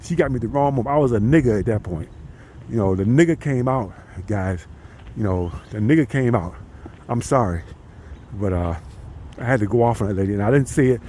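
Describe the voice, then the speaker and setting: A man rambles on a casual walking vlog, swearing freely and leaning on fillers. His voice sits at a mid pitch. It is recorded on a phone outdoors in a park, with faint noise behind. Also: animated, a little fast, mellow. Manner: profane, rambling, fillers like "you know". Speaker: vlogger.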